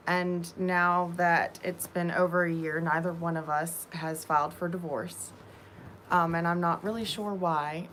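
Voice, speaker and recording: A woman vlogger telling a personal story in a halting way, with many pauses and fillers. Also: on the low side, a bit bright, a little hiss or hum.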